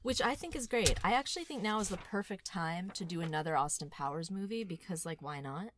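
A woman co-hosting a casual podcast chat, wry, joking and animated. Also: lowish voice, brisk, slight background noise. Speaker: podcast co-host.

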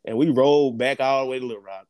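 A man's voice: mid-range voice, fast, dry recording, clean studio sound. A young man tells a story in casual podcast chat, swearing and laughing often. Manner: animated, profane, laughs often. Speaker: podcast co-host.

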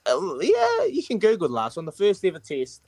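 A man's voice: high voice, huge pitch swings, a little fast, a little mellow, no room sound. A man hosting a breakfast radio quiz, cheery and matey as he counts down the answers.

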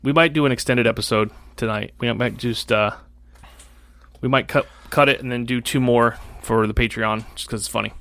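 A man's voice: medium pitch, steady tone, normal speed, creaky, a bit bright. A young man hosting a casual podcast, telling candid, profane stories from school. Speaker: podcast host. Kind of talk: casual chat.

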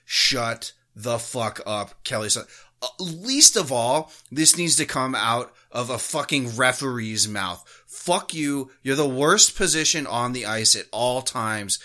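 A man's voice: medium pitch, sharp tone. A man co-hosting a sports podcast, ranting heatedly with constant swearing. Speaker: podcast co-host. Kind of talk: casual podcast rant.

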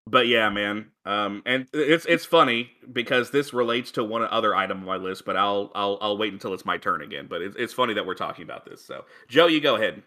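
A man's voice: fairly low pitch, animated, brisk, few pauses, bright, forceful tone. A man co-hosting a podcast in casual chat, enthusiastic and prone to long explanations. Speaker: podcast co-host.

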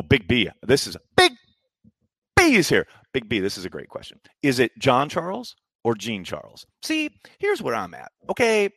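A man's voice: mid-range voice, gravelly, a bit bright, no echo, clean studio sound. A man hosting a live fan chat stream, hyped and chatty as he reads comments and answers questions. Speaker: podcast host reading chat.

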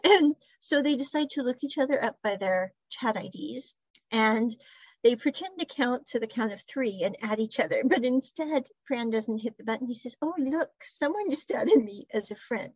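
Woman talking thru a show episode, kinda high voice, dull dry sound. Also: normal speed, husky, no echo. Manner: chatty storytelling, quoting characters in her own voice. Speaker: show recapper. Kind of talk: casual episode recap.

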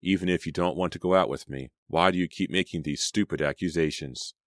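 A man's voice: low voice, a little fast, no echo, clean studio sound, natural voice. A man reading a pushy resentful teenage boy. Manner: stammering then blunt.

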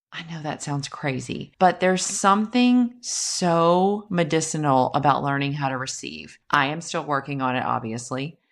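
A woman's voice: low voice, a bit bright. A woman, likely in her thirties, talking candidly and self-deprecatingly about a personal experience, laughing now and then. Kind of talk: reflective personal monologue.

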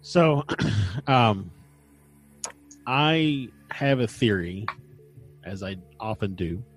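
A man's voice: on the low side, drawn-out words, faint music behind. A man hosting a casual podcast, recounting events with dry humor and frequent fillers. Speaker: podcast host. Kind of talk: casual chat and storytelling.

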